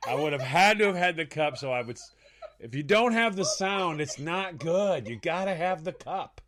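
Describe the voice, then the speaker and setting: A man's voice: fairly high pitch, lively intonation, moderate pace, fairly bright tone. A man co-hosting a casual chat show, joking and acting out silly bits. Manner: jokey, acts out silly voices. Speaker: podcast co-host.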